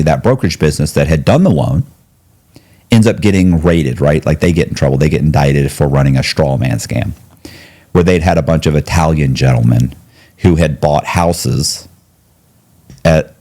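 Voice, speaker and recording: A middle-aged man telling a long personal story as a podcast guest, acting out the voices of the people he quotes. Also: rumbling low. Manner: animated storyteller who acts out quoted voices.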